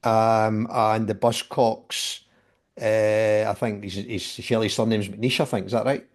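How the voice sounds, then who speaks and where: A man's voice: lowish voice, level tone, slow. A man hosting a casual panel chat about music, talking with many fillers and restarts. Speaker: podcast host.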